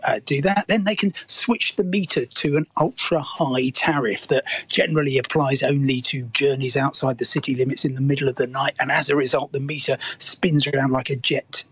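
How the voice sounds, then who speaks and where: A man speaking as a travel correspondent in a radio interview from a London office, measured and articulate. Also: medium pitch, fairly bright tone, breathy edge, no echo. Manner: articulate, measured, vivid phrasing.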